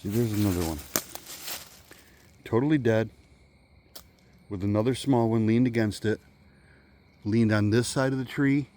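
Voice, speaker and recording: A man vlogging on a walk through the woods, musing in halting speech and now and then calling out loudly. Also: fairly low pitch, slight background noise. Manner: musing, halting, with sudden loud call-outs. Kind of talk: rambling walk-and-talk vlog. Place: outdoors in woods.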